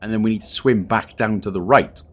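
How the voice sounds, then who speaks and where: A man's voice: fairly low pitch, brisk, very noisy. A man from Wales hosting a casual game walkthrough, chatty and self-deprecating, with jokey asides. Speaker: gaming guide host.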